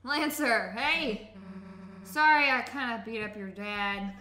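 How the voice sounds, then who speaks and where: A woman's voice: a little high, takes it slowly, sharp tone. A woman voicing a brash, tough teenage monster girl who talks bluntly and casually, recorded in an echoey room. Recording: echoey room, faint noise.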